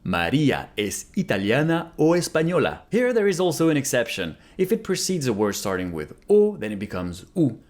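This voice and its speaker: A man narrating a casual language lesson, repeating phrases slowly after an app. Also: medium pitch, darkish tone. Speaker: language learner vlogger. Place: Canada.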